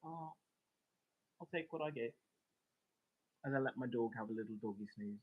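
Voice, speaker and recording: A man's voice: medium pitch, normal speed, husky. A man streaming live, chatting casually and sarcastically, swearing as he answers his chat. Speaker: livestreamer. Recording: tinny phone-like sound.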